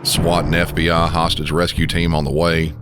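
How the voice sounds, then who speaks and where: A man hosting a podcast, a dispatcher narrating a case in a measured, serious way. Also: sits low, completely flat delivery, over music. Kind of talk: scripted narration.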